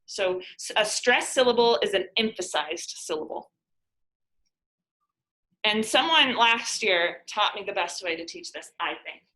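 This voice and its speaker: A woman's voice: mid-range voice, animated, unhurried, pushed and bright, roomy sound, poor audio. A woman teacher explaining a lesson to students in a classroom, patient and using everyday examples.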